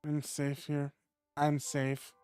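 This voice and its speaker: Guarded young male fighter, soft and halting, slow delivery, a man doing the voice. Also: a little high, completely flat delivery, clean tone, no room sound, soft background music, voice pushed down. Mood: tearful.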